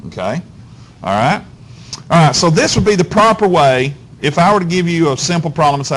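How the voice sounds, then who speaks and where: A man teaches physics to a classroom in a folksy, coaxing way. He pauses over and over to check that his students are following. His voice sits a little high and swings widely in pitch, with a faint low rumble under the recording. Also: animated, fairly bright tone. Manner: keeps checking in with "okay?" and "all right?". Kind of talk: classroom lecture.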